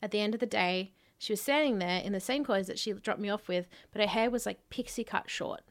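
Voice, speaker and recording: A woman's voice: medium pitch, brisk. Casual, swearing woman co-host. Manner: animated storytelling, swears freely. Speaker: podcast co-host. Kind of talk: casual chat.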